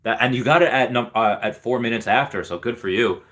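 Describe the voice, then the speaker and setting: A man's voice: medium pitch, brisk, a bit bright. A man hosting a casual livestream, reading viewer comments aloud with lots of ums and cheering on the winners. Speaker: livestream host reading chat.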